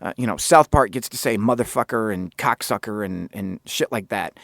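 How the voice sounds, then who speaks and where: A man hosting his own podcast, telling a story in a casual, animated way and swearing freely. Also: on the low side, normal speed, creaky, dry recording, clean studio sound. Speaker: podcast host.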